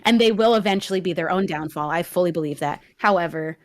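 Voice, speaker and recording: A woman's voice: on the low side, fast. A young woman in casual chat, speaking firmly and reflectively about her own experience.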